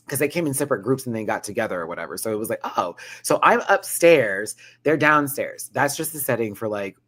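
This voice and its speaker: A young man telling a vlog storytime, dramatic and full of slang, with bursts of high laughter. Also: fairly bright tone. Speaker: vlogger. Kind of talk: animated storytime rant.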